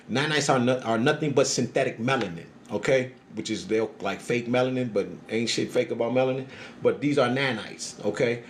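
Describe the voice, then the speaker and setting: Profane, animated man telling a story. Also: a little hiss or hum. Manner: animated, profane street talk with frequent "right?" checks; swings between low calm murmur and loud heated outbursts. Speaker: storyteller recounting his experience. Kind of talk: casual monologue.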